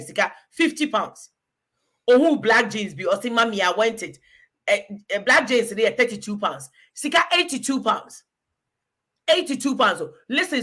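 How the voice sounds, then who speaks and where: A woman's voice: medium pitch, sharp tone. A woman in her forties chatting frankly as host, laughing often and switching languages mid-sentence. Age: 40s. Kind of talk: casual chat.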